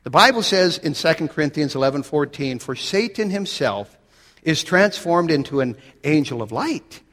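A man's voice: a little high, expressive, moderate pace, fairly bright tone, long reverb tail. A man preaching a sermon as pastor, blunt and emphatic, asking the listeners pointed questions.

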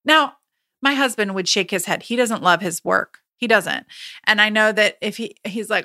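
A woman's voice: medium pitch, moderate pace, vocal fry, pushed and bright, no echo, clean studio sound. A woman in her thirties hosting a podcast on her own, talking casually and emphatically with many restarts and quoted asides. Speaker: podcast host. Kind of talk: casual solo podcast talk.

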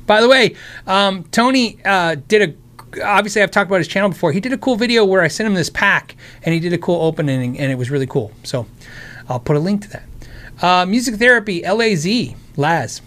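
Speaking fairly quickly, an American man with a high-pitched, animated, slightly bright voice answers guitar questions from his live stream chat. It's casual and friendly, full of rambling restarts and asides, and his voice has a tired, worn quality.

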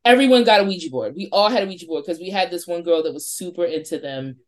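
A woman's voice: lowish voice, fast. Woman in her forties telling a spooky tale. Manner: lively, swears freely, acts out friends' lines. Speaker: podcast guest, wine shop owner. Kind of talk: animated spooky storytelling.

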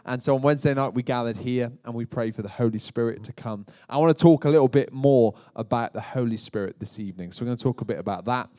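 A man's voice: mid-range voice, quick pace, few pauses, mellow, no room sound, clean studio sound. A British man preaching as a pastor, telling light humorous stories with chatty asides to his congregation. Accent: British English. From Britain. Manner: chatty, self-deprecating storytelling with asides to the congregation. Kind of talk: humorous sermon.

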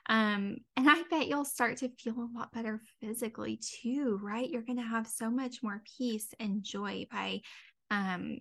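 A woman's voice: a little high, a little slow, creaky, bright, forceful tone. Earnest woman hosting a solo podcast. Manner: earnest, many "um" and "you know" fillers. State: tearing up, near crying. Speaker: podcast host, dietitian and mindset coach. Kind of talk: heartfelt solo podcast talk.

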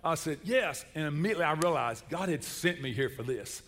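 Male pastor, middle-aged, lively comic storyteller, bright tone in a reverberant church. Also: on the high side, quick pace. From Chattanooga, Tennessee. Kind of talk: sermon with storytelling.

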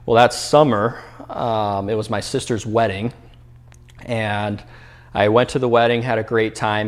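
A man in his twenties, an entrepreneur guest in a podcast interview, telling his story in a lively way, acting out quotes with many fillers and restarts. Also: fairly low pitch. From New Mexico, US. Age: 20s.

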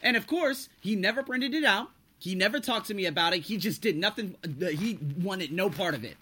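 This podcast host, an English teacher living and working abroad, vents bluntly about his job in a casual monologue, cursing without restraint. His voice is high-pitched and animated, with a sharp, breathy-edged tone, and he speaks at a normal speed.

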